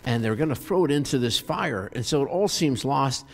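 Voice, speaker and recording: A man preaching a sermon, retelling a film as a story in an animated way, with many fillers and restarts. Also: mid-range voice, normal speed, in a large hall. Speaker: pastor.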